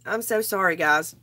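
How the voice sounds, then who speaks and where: A woman's voice: medium pitch, sharp tone. A woman, sick and straining her voice, rambling casually to viewers while crafting on a livestream. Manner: rambling, greets viewers by name.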